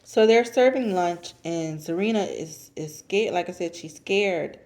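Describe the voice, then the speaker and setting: Woman, casual recap vlogger, somewhat low voice, talkative, repeats her points, no cursing. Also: measured pace, a little mellow. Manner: chatty, repeats herself for emphasis; avoids cursing. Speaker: reality TV recapper.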